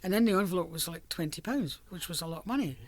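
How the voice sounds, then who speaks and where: A woman's voice: fairly low pitch, lively intonation, fast, a little mellow, no echo. An older Scottish woman reminiscing about her working life in a chatty, storytelling way, laughing often. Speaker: interviewee. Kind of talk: reminiscing oral history.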